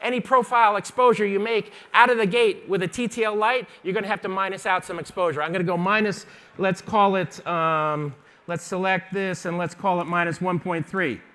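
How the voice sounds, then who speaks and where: A man, running a live photography workshop. He talks quickly and casually, cracking jokes and firing questions at the audience as he demonstrates. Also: sits high, steady tone, pushed and bright. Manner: chatty, jokey, fast-talking teacher quizzing the audience. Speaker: photography instructor. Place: conference stage before a live audience.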